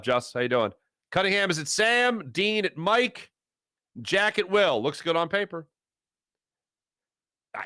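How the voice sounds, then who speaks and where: A middle-aged man hosting a live sports talk show, answering chat in a rambling, animated way. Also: dry recording, studio quality. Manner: animated, rambling, swings between low asides and loud bursts.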